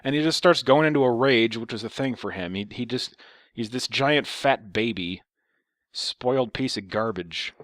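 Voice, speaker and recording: A man's voice: medium pitch, moderate pace, a bit bright, dry recording, studio quality. A man telling a story in a casual vlog, ranting with exasperation and a lot of profanity. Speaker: vlogger.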